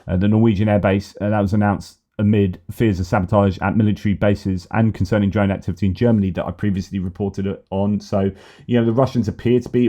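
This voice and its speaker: A man talks through the day's news in a casual vlog, his voice fairly low and warm. He sounds wry and opinionated, working through his thoughts aloud as he goes. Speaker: news commentator and channel host.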